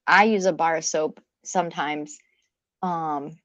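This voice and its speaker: A woman hosting a casual chat, relaxed and laughing easily. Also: low-pitched, unhurried, dry recording. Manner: relaxed, laughs easily, screen-sharing clips. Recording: dull muffled audio.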